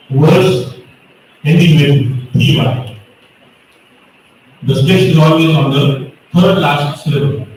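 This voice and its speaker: A man's voice: fairly high pitch, darkish tone, slight background noise. A man, judging a speech competition and correcting students' pronunciation. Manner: slow, explains pronunciation rules. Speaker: competition judge. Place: school hall. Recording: echoey hall, from far off.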